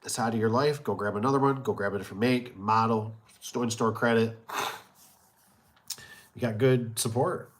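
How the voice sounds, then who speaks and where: A man's voice: on the low side, steady tone, normal speed, pauses often, slight background noise. A middle-aged man who runs a garage door business, chatting casually in a rambling, folksy way with many fillers. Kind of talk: casual chat.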